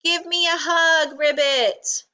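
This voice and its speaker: A woman voicing an excitable, quick-tempered young male rabbit in a children's storybook read-aloud, shouting and exclaiming. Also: high voice, heavily acted. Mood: excited.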